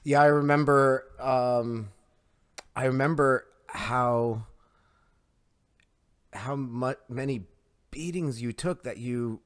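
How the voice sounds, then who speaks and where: A man's voice: mid-range voice, clear, resonant tone. A man hosting a podcast in casual interview chat, often restarting his sentences. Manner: halting, frequent restarts. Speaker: podcast host.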